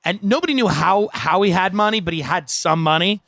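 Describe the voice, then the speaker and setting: Casting: comedian host, higher man's voice, dry close sound, rambling storyteller. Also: fairly quick, creaky, no echo. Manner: rambling, animated anecdote telling.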